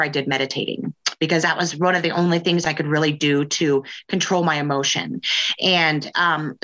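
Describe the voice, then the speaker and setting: Woman in her 40s chatting candidly, kinda rambly, sharp bright voice. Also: lowish voice, highs cut off. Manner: frank and rambling, with frequent fillers and profanity. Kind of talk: candid casual conversation.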